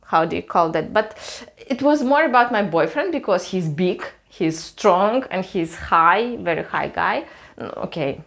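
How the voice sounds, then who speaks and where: Russian-accented woman chatting haltingly. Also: on the low side, expressive, creaky, fairly bright tone. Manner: halting, searching for words, laughs at herself. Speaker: vlogger. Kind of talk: casual chat to camera.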